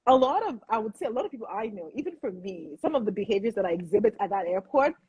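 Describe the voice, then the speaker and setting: A female interviewer with a husky, breathy voice keeps the talk casual. Her pitch rises and falls freely as she chimes in and urges her guest to continue. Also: expressive, fast talker, darkish tone, lo-fi sound. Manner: encouraging interjections.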